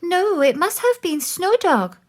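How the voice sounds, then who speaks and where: A woman voicing an excitable little female moose from a children's picture book, in high squeaky cries. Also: unhurried, full character voice. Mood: excited, pleading.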